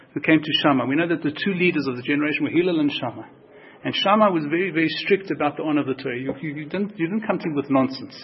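A man teaching a Torah class, telling stories in an animated way, repeating phrases and acting out the quotes. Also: on the high side, highs cut off, a little hiss or hum.

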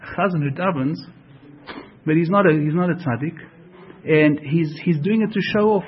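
A man's voice: on the high side, normal speed, slight background noise. A man teaching a religious lesson, earnest, repeating and rephrasing each point as he explains it. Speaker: Torah teacher. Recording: dull lo-fi recording.

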